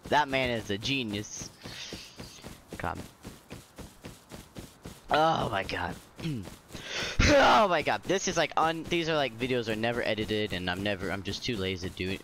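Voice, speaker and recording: A man casually commenting on his own gameplay, excitable and prone to sudden loud yelling and laughter. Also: fairly low pitch, normal speed, long pauses, slight background noise. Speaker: gaming video creator.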